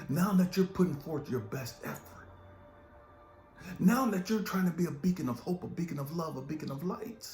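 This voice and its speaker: A man's voice: fairly high pitch, a little mellow. A man giving an impassioned motivational monologue as a life coach, swearing often and hammering repeated rhetorical questions. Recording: echoey room with faint music.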